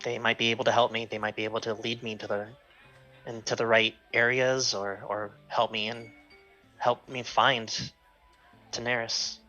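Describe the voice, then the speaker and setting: A man's voice: mid-range voice, little pitch movement, normal speed, sharp tone, dull audio, soft background music. A man speaking in character in a tabletop game, earnest with stammering restarts. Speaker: player. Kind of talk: in-character tabletop role-play.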